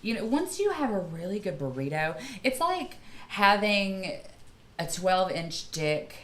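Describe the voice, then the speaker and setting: A woman's voice: medium pitch, very animated, measured pace. A young adult woman from Kentucky, a performer guest chatting on a live podcast, telling bawdy, sassy stories. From Kentucky, USA. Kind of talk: casual chat.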